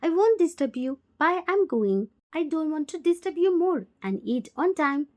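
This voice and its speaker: A woman's voice: high voice, very animated, moderate pace, a little mellow, voice pushed up. A woman voicing an affectionate young woman of twenty who talks sweetly and pleads, in a fan fiction voiceover. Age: 20s.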